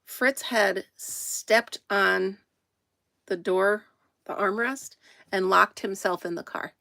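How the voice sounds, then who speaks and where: A woman's voice: mid-range voice, slow pace, creaky, bright, forceful tone, dry recording, studio quality. A woman chatting casually to viewers on a live stream from inside her camper, greeting them by name and laughing often. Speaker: livestream host.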